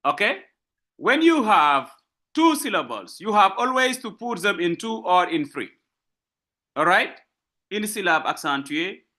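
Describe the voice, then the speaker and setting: A man's voice: sits high, sharp tone. A man lecturing on poetry in a live online class, with a French-speaking West African accent, asking rhetorical questions and repeating points patiently. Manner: switches between French and English. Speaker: literature lecturer.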